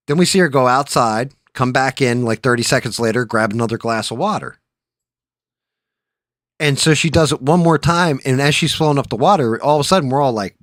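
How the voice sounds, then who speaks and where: A man hosting a late-night livestream chat, telling a story in a profane, animated way and acting out the quotes. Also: mid-range voice, no room sound, studio quality. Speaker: livestream host.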